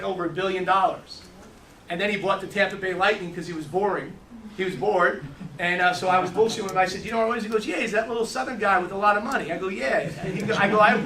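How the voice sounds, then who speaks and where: High-voiced man telling stories to a room. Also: pushed and bright, slight background noise. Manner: fast storytelling with lots of restarts. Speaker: sales trainer. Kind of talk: motivational training talk. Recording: echoey room, mic from a distance.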